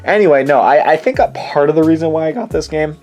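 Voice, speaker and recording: A man's voice: a little high, quick pace, a little mellow, faint music behind. A young man hosting his own channel, chatting casually and rambling through his game collection, often correcting himself mid-sentence. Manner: rambling, chatty, self-correcting with many fillers. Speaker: channel host.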